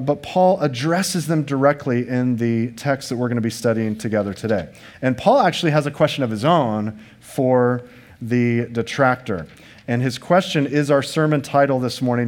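Male pastor, mid pitch, earnest emphatic sermon delivery with conversational asides. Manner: earnest, emphatic preaching with rhetorical questions; restarts and fillers, conversational asides to the congregation.

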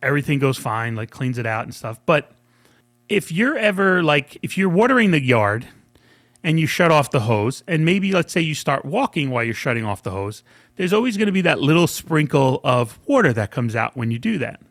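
A man with a slightly raised voice tells an animated story in a relaxed chat and acts out what the people in it said. He laughs often, and the sound is dry and close to the mic. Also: fairly high pitch, normal speed, no room sound. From New York. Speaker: podcast co-host.

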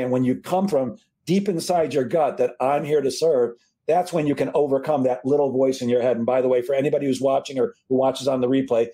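A man hosting an interview podcast, talking in an animated way with stumbling restarts and self-deprecating asides. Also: mid-range voice, brisk, low-quality recording. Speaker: podcast host. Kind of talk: interview conversation.

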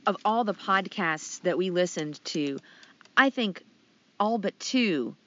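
A woman's voice: on the low side, expressive, slow, a bit bright. A woman co-hosting a podcast in casual chat, joking and laughing easily. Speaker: podcast co-host. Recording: dull lo-fi podcast audio.

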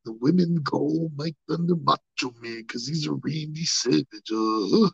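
A man putting on the voice of a swaggering male wrestling star, growling boasts that end in a rasped "yeah", on dull lo-fi audio. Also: a little high, unhurried, no echo, heavily acted. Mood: menacing. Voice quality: gravelly growl.

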